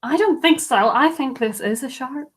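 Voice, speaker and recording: A woman teacher reading a picture book aloud to children, animated and asking them questions. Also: high voice, moderate pace, slightly rough. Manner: animated, asks listeners questions. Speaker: primary school teacher.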